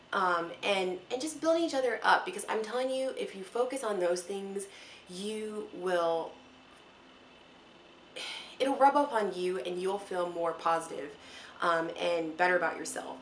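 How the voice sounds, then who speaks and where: Earnest young woman vlogging in echoey room. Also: mid-range voice. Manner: earnest, rambling and encouraging, near tears at times. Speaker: mom vlogger. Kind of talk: casual heartfelt talk to camera. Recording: echoey room with faint ambient noise.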